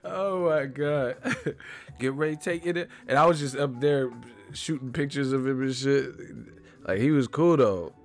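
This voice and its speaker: A man's voice: medium pitch, moderate pace, soft background music. A man hosting a casual livestream chat, talking in slang, laughing often and putting on mock voices. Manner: laughs a lot, slangy, does mock voices of movie characters. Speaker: livestream host.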